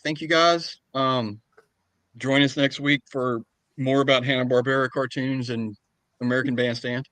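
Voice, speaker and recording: A man's voice: mid-range voice, fairly even intonation, moderate pace, a bit bright, no room sound. A man co-hosting a casual chat podcast with dry, self-deprecating humor. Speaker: podcast co-host.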